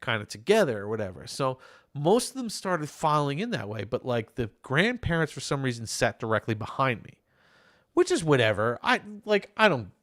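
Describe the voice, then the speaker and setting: A man with a New York accent, co-hosting a casual podcast chat and telling a story with lively, acted-out quotes. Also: mid-range voice, moderate pace, no room sound, studio quality. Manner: animated storyteller, acts out quoted lines loudly. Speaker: podcast co-host. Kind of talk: casual chat over beers.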